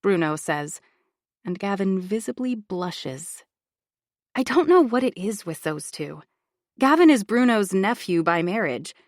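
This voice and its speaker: A woman reading a first-person audiobook thriller in an expressive, confiding inner-monologue style. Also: medium pitch, measured pace, no room sound, studio quality. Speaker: audiobook narrator.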